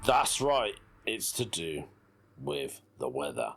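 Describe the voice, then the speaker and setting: This British podcast host, a man in his thirties, speaks slowly in a low register with big swings in pitch and some vocal fry. His solo show is casual, full of laughter and giggly playfulness, and faint music sits behind him.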